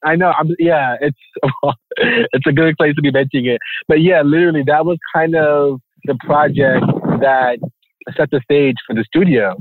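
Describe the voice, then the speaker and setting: A man with a slightly higher voice talks about his photography work in a relaxed interview. He tells the story with energy, full of fillers and restarts. His voice comes through a thin phone-like line with a dry sound. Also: normal speed, no room sound. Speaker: photographer guest. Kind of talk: casual interview chat.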